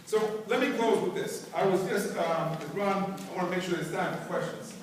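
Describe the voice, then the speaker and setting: A man's voice: high-pitched, fairly quick, slight background noise. A man giving a conference talk, telling stories in a conversational way as the audience answers back. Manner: conversational, call-and-response rhythm with the crowd. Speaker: keynote speaker. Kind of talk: conference speech with storytelling. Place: large conference hall. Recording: echoey hall from far off with crowd.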